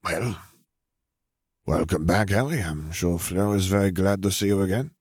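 A weary, stern middle-aged father talks in a fairly low, even voice, as a male reader plays him. The sound is dry and close. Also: normal speed, slightly rough, dry recording. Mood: polite.

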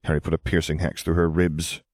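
Brief: man, very deep voice, calm measured audiobook narration, dry close sound. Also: dry recording.

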